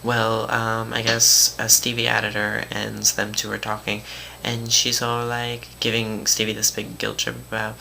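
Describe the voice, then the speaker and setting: A teenage boy telling a story in a casual vlog, dramatic and animated, mocking the people he quotes. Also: fairly low pitch, a little slow, gravelly, slight background noise.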